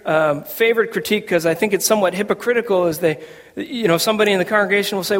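A man's voice: high voice, rapid-fire, a bit bright. A man preaching a sermon to a congregation, conversational and humorous. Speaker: pastor. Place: church sanctuary. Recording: long reverb of a church hall.

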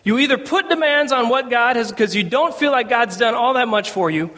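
High-voiced preacher in a reverberant hall. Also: male voice, expressive, brisk, sharp tone. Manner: conversational preaching with humor and quoted voices. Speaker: pastor. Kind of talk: sermon. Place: church sanctuary. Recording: long reverb of a church hall.

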